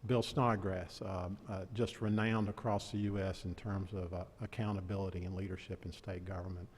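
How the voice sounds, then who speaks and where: A retiring vice chancellor giving joking, halting retirement remarks at a board meeting, with many fillers and restarts. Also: male voice, deep voice, level tone, a little hiss or hum. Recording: echoey meeting hall.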